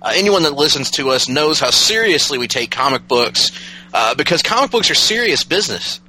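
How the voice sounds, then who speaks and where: A man's voice: a little high, big pitch swings, fairly quick, pushed and bright, a little hiss or hum, rough recording. A man co-hosting a casual podcast, joking around and laughing often. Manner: joking, playful, bursts of laughter. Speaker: podcast co-host. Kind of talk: casual comedic podcast chat.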